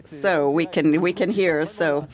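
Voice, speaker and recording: A woman's voice: deep voice, slow pace, darkish tone. A woman hosting a live event, reading out a list of names with fillers and repeats. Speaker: event host.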